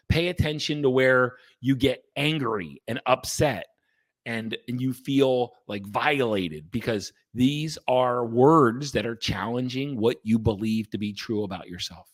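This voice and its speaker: A podcast host and coach with a medium-pitched voice speaks casually to his listeners. His delivery is emphatic and blunt, laced with swearing and frequent sentence restarts, and the audio has no room sound.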